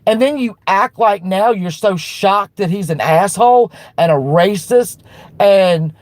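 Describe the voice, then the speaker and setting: A woman hosting a livestream, ranting bluntly with lots of swearing and restarts while answering her chat, then turning soft to apologize. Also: medium pitch, lively intonation, measured pace, dry recording, studio quality. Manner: blunt and profane, with frequent restarts; fired-up and defiant, turning soft when apologizing. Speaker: livestream host.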